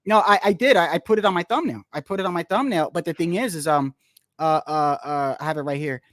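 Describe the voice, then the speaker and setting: A man's voice: on the high side, fast, fairly bright tone, no echo, clean studio sound. A man hosting a casual boxing podcast, talking in a rambling, profane way that repeats phrases. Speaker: boxing show host.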